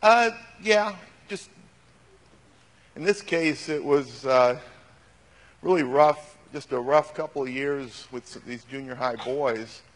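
A man's voice: medium pitch, slow pace. A man in the audience asking a question, hesitant and searching for his words. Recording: long hall reverb.

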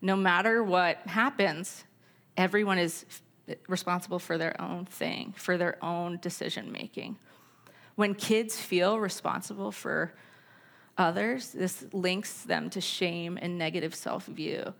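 A woman's voice: on the low side, steady tone, a little slow, creaky, fairly bright tone. A middle-aged woman giving a candid church talk on parenting, mixing personal stories with scripture quotes. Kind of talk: sermon-style teaching talk.

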